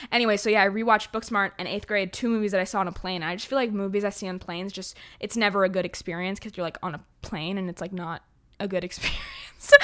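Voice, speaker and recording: Chatty teenage girl, bright and rambling. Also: medium pitch. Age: teens. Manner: rambling, self-deprecating, heavy use of "like" and "um". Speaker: podcast host. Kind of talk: casual solo podcast chat.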